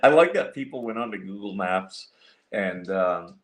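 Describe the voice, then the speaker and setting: A man's voice: low-pitched, lively intonation, normal speed. A man hosting a casual livestream, rambling with many fillers and restarts as he clicks through his computer and talks to viewers. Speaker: livestream host.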